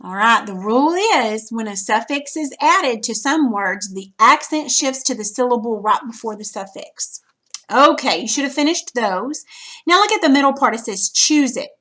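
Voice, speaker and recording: A woman's voice: on the high side, lively intonation, moderate pace, bright, forceful tone. A woman teacher patiently walking students through a recorded reading lesson, step by step, checking in with frequent "okay"s.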